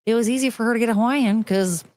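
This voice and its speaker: A woman's voice: a little high, quick pace, no room sound. A woman in her thirties hosting a casual show, talking bluntly and a bit profanely while reading and answering chat. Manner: blunt, profane, animated, mocking voices in quotes. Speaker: streamer host reading chat.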